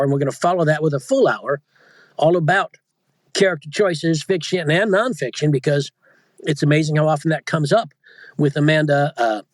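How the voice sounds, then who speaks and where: A man with a fairly high voice chats loosely as an interview guest, restarting his thoughts and circling back as he explains. The sound is dry and close, with no room around it. He comes across as an audiobook narrator and coach talking shop. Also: no echo. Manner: rambling, self-interrupting, chatty. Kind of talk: casual interview chat.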